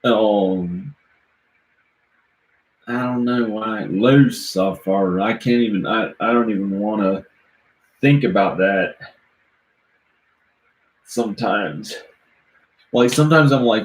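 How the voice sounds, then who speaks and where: Rambling man, slow and echoey. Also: on the low side. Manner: rambling, laughs at own silly rhymes, slow sing-song chanting. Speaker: vlogger. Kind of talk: rambling live-stream chat. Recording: roomy echo, faint background noise.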